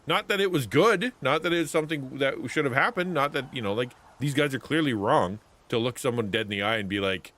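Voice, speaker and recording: A man's voice: medium pitch, fairly quick, hardly any pauses, fairly bright tone. A man livestreaming a video game, talking in a rambling, chatty, self-interrupting way. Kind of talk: casual gameplay commentary.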